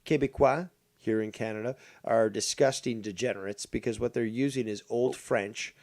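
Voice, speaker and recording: A man's voice: fairly low pitch, steady tone, normal speed, a little mellow. A man hosting a casual podcast, ranting and rambling with heavy swearing. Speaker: podcast host. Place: living in Canada.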